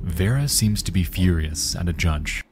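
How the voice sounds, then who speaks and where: A man giving a measured, ominous scripted narration for an internet mystery video. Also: low voice, expressive.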